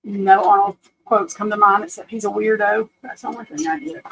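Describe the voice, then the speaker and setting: A woman's voice: mid-range voice, fairly even intonation, fairly quick, vocal fry, a little hiss or hum, low-quality recording. A woman casually chatting on a live stream, rambling, laughing often and scolding her dog.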